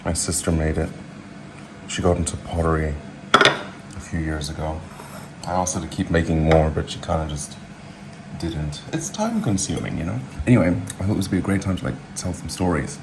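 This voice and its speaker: A man from New Zealand hosts a home cooking video, chatting loosely and drifting between asides and filler words. His voice sits very low. Clear background noise runs under the recording. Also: normal speed. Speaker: home cook vlogger. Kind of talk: casual cooking chat.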